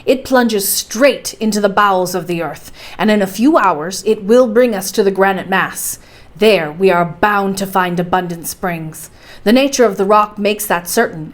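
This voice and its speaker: A woman voicing a stubborn, fearless older male professor in a storybook reading, speaking in a forceful, commanding way. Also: mid-range voice, lightly acted. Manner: forceful and commanding, slowing to insist.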